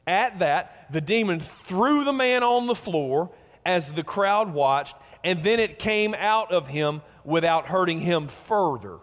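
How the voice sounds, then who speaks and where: A man's voice: sits high, lively intonation, slow, big-room sound. A man preaching a sermon in an earnest way, often repeating words as he builds emphasis. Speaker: pastor.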